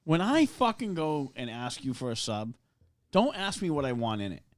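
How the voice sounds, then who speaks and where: A man hosting a loose podcast conversation. He rants and swears his way through a story, and his pitch swings widely as he acts out both sides. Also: normal speed. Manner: animated ranting storyteller, swears a lot. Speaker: podcast host. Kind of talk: casual chat.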